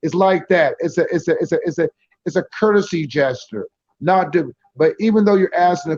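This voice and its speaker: A man's voice: a little high, a little fast, darkish tone. A man in a heated casual debate who stammers and repeats himself, calling people bro. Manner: repetitive, calls others bro, stammers into points. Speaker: debater defending his view. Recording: dull lo-fi stream audio.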